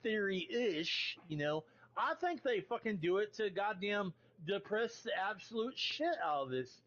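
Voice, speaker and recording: High-voiced man ranting over voice chat. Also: lively intonation, unhurried, a bit bright, highs cut off. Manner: rambling, profane rant. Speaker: stream guest. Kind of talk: casual chat in voice call.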